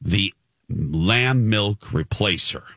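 A man's voice: on the low side, animated, slow pace, fairly bright tone, no echo, studio quality. A man hosting a morning radio talk show, bantering and running a mock game show in a playful manner.

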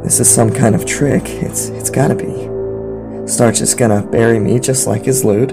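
A man narrating a first-person horror story in a measured way, with occasional stumbles. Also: medium pitch, fairly even intonation, gravelly. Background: music.

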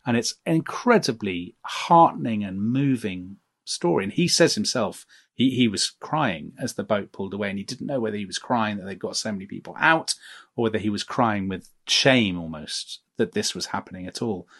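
A man co-hosting a history podcast, telling a story in an earnest conversational way that trails off softly. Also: lowish voice, lively intonation, moderate pace. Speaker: co-host and author.

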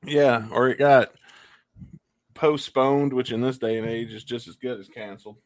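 A man's voice: mid-range voice, fairly even intonation, normal speed. A man co-hosting a podcast, teasing and playful in casual chat. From United States. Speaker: podcast co-host.

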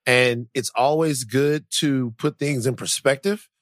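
Rambling, animated man on a podcast. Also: medium pitch, measured pace, no echo, studio quality. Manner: rambling, animated, self-mocking. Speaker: podcast co-host. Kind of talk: casual chat.

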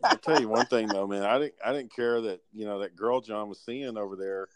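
A man's voice: fairly low pitch, fairly quick, crowd noise. A man chatting casually on a podcast, rambling and swearing as he tells stories. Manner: rambling, swears, lively storytelling. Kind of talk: casual chat.

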